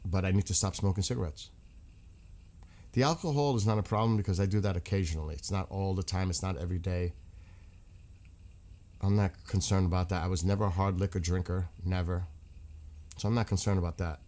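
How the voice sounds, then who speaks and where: Male streamer, low pitch, loose rambling chat with viewers, blunt and profane. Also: fairly even intonation, fairly quick, long pauses, warm tone. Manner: rambling, frank, swears freely. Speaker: livestream host. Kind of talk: casual livestream chat.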